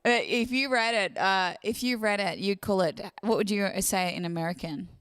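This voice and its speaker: A woman's voice: medium pitch, normal speed, fairly bright tone, clean tone. A woman with an Australian accent hosting a casual live stream, chatting and reading out viewer comments. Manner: chatty, reads out viewer comments, laughs often. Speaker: live stream host and singer.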